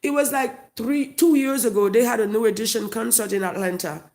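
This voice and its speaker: Gravelly comedian ranting with a Haitian accent. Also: mid-range voice, fairly even intonation, a little fast. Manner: profane, loud, mocking storytelling. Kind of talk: comedic rant to camera.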